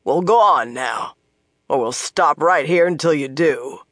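A narrator voicing a grizzled, scowling male soldier who speaks gruffly in a deep, gravelly voice. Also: unhurried, fairly bright tone, no echo, studio quality. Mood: stern. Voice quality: gruff and curt.

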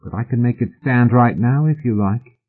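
A man's voice: mid-range voice, normal speed, natural voice. A male reader voicing a tired, tipsy young woman who coaxes and wheedles, in an audiobook. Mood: earnest. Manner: wheedling, coaxing. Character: drowsy coaxing young woman of the night. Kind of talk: audiobook character voice. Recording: husky voice on a tinny phone-like line.

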